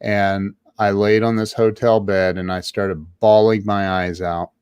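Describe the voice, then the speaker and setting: A man's voice: fairly low pitch, little pitch movement, unhurried, darkish tone, smooth, no room sound. A man as an interview guest, telling his own story casually and emphatically, often stumbling and restarting his words.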